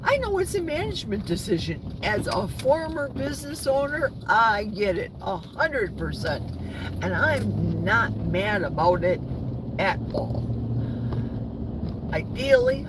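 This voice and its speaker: A woman in her sixties from the United States, chatting on a live stream from her parked car and answering viewer comments in a rambling, talkative way. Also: mid-range voice. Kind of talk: casual live-stream chat. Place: parked vehicle. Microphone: phone held in the car. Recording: car noise in the background. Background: vehicle noise.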